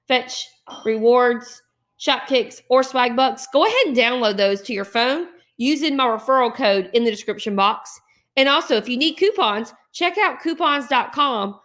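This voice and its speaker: Upbeat woman hosting a couponing channel, slightly high. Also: fairly bright tone. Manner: upbeat and encouraging. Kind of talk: to-camera channel intro.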